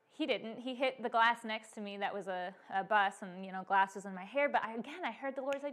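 A young woman from the United States shares faith testimony as a missionary speaker. Her voice sits a little high, and she tells her stories in an animated way, filling pauses with "um" and "you know.". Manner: animated storytelling with frequent fillers. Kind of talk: testimony to a church audience.

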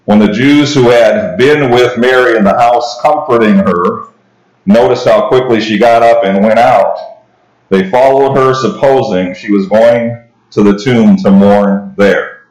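A man's voice: lowish voice, measured pace, darkish tone. A man preaching an expository sermon, reading scripture and explaining it in a conversational way, with restarts and asides to the congregation. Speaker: pastor. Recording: roomy echo.

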